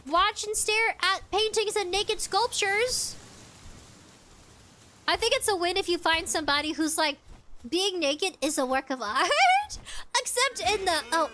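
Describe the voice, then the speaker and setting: A woman's voice: very high voice, sharp tone. A young adult woman streaming a game, chatting casually with her chat, reading comments aloud and giggling often.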